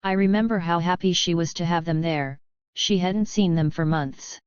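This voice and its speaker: Grave woman reading in a low, smooth voice. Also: normal speed, no room sound, dull audio. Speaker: reader of first-person testimony. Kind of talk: measured audiobook reading.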